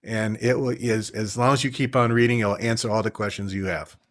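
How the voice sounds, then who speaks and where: A man co-hosting a podcast, speaking hesitantly with halting restarts that trail off. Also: lowish voice, fairly even intonation, a bit bright. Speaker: podcast co-host. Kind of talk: casual podcast chat.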